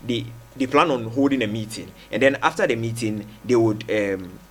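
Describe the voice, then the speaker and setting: A man's voice: mid-range voice, moderate pace. A man debating on a TV panel, hesitant with fillers and firing back short questions. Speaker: political panel guest.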